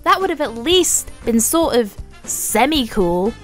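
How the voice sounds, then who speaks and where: A woman's voice: fairly high pitch, sing-song, unhurried, soft background music. A woman giving a ranting game review, sarcastic and exasperated, and swearing freely.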